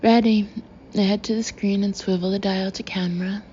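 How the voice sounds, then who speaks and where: A woman's voice: mid-range voice, fairly even intonation, moderate pace, warm tone, a little hiss or hum. A woman reading a novel aloud in the first person, with a wry, chatty inner-monologue manner. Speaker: audiobook narrator. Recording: slightly muffled recording.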